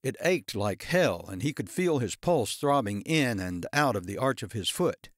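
A man narrating an audiobook thriller in a steady storytelling manner. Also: medium pitch, moderate pace, no room sound, studio quality. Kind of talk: scripted narration.

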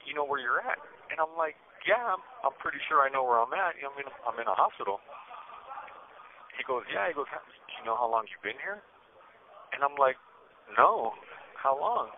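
Man telling his story over a tinny phone line. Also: mid-range voice. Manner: halting, repeats words, laughs between lines. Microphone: prison phone.

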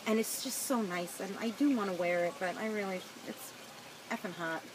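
A woman's voice: medium pitch, a little fast, background noise. A young woman with a Long Island accent co-hosting a casual knitting podcast, chatty and self-mocking. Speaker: podcast co-host. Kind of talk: casual chat.

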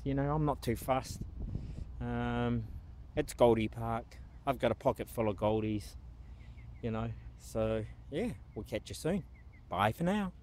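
A man's voice: mid-range voice, darkish tone, low-quality recording. Chatty Kiwi man outdoors in the wind. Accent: New Zealand. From New Zealand. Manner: chatty, jokey, upbeat, self-mocking. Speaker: metal detecting vlogger. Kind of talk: casual vlog talk to camera. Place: outdoors in a windy park.

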